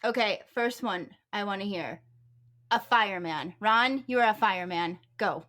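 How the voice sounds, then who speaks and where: A woman's voice: medium pitch, moderate pace, fairly bright tone. A woman co-hosting a podcast livestream, playful and teasing. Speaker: podcast co-host. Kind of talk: casual livestream banter.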